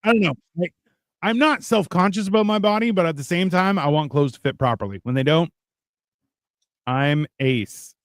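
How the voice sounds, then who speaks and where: A man co-hosting a live stream, trading crude, profane banter and mocking chat with loud put-on voices. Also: on the high side, moderate pace, dry recording, clean studio sound.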